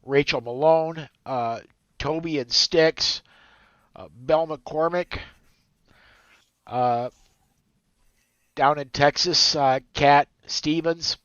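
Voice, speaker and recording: A male podcast host speaks in a smooth, clear voice, close and dry in the room, though the sound is a little dull. He is choked up and halting, dropping fillers as he thanks his team. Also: a little high, a bit bright, no room sound. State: choked up, emotional. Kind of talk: emotional farewell chat.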